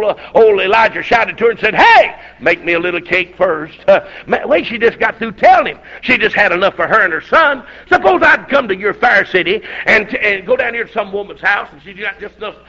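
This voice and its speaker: A man preaching a revival sermon, telling Bible stories and breaking into shouted, drawn-out climaxes. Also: sits high. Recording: dull lo-fi sermon recording.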